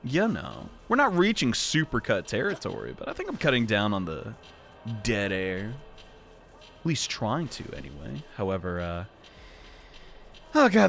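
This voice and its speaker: A man's voice: mid-range voice, vocal fry, a bit bright. A young man casually commenting on his gameplay, joking and exclaiming, with rambling asides. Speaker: let's play host.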